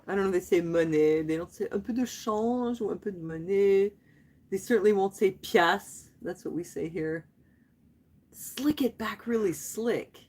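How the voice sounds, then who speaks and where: A woman's voice: mid-range voice, moderate pace, a little mellow. A woman around fifty chatting playfully with viewers on a livestream, laughing often and dropping in French phrases. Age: 50s. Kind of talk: casual live chat.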